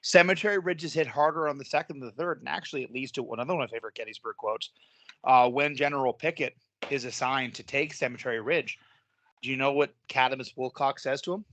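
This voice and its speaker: A man's voice: mid-range voice, fast talker, fairly bright tone, no room sound. A man co-hosting a casual history podcast, enthusiastic, laughing often and swearing now and then. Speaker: podcast co-host.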